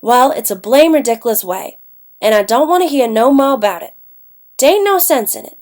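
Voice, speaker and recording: A woman reads out a grumbling grown man, set down in an even, plain voice that stays close to her own. The voice sits a little high for the part. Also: moderate pace. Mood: dismissive. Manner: flat, plain reading. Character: adult man complaining on a raft.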